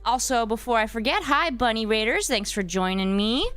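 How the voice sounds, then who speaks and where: A woman's voice: fairly high pitch, animated, moderate pace, fairly bright tone, soft background music. A woman chatting casually to her live-stream audience as host, hesitant and a little scattered, with many fillers and restarts. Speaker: streamer hosting her channel.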